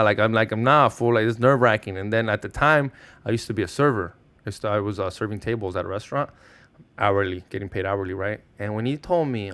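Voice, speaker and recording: A man in his thirties whose first language is Spanish, telling stories animatedly in casual podcast chat, slangy and swearing, acting out what people said. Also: mid-range voice. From Mexican-American, Southern California. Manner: animated storyteller, slangy, swears, acts out quotes. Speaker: podcast guest.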